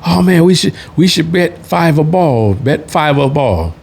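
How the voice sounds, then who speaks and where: A man doing a pushy, rough bar pool player. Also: fairly high pitch, animated, moderate pace, a little mellow, pitched above the performer's own voice. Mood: pushy, coaxing. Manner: pushy, wheedling, heavy accent.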